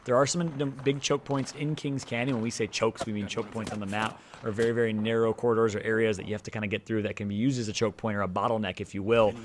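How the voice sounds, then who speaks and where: Fast-talking Midwestern American caster. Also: male voice, fairly low pitch, steady tone, a little hiss or hum. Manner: fast, chatty, joking. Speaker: esports analyst and co-caster. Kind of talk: color commentary.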